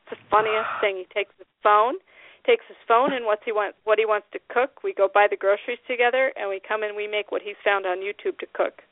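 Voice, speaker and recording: A woman's voice: mid-range voice, steady tone, brisk. A woman with a Midwestern accent hosting a casual chat, bubbly and laughing often, trailing off and restarting her sentences. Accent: Midwestern American. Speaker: host. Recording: tinny phone line.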